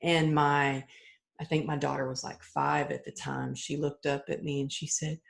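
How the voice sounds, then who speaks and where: A middle-aged woman appears as a podcast guest, telling her story earnestly and openly in a low, gravelly, flat voice at normal speed. She often restarts her sentences and acts out quotes.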